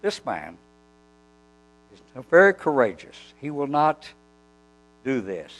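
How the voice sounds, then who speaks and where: A man preaching a sermon, telling a Bible story with animated storytelling and acting out the dialogue. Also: mid-range voice, slow, soft background music, low-quality recording.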